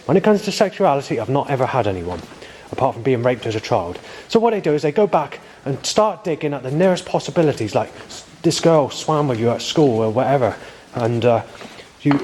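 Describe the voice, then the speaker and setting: A man rambles angrily into a handheld camera out on a muddy path, swearing constantly. His voice sits a bit on the high side, with faint noise in the background. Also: a little mellow. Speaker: video diarist. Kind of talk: rambling spoken video diary.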